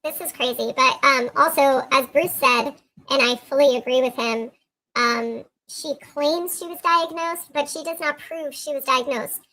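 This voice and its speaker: A woman co-host chats with her voice pushed through a squeaky filter, so it comes out thin and high. She hesitates often, filling gaps with ums. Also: unhurried, pushed and bright, poor audio. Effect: squeaky pitch-raising voice filter. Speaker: podcast co-host. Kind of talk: casual chat.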